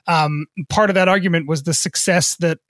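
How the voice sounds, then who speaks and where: A man's voice: fairly high pitch, fairly even intonation, moderate pace, fairly bright tone, no room sound, studio quality. A man co-hosting a sports business podcast, talking casually and often repeating words as he thinks. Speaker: co-host, sports business reporter.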